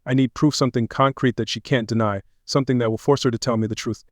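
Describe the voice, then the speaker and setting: A man narrates a first-person dramatic audio story at a brisk clip, tense and earnest throughout. His voice sits at a middling pitch and sounds close and dry, with no room around it. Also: steady tone, no echo.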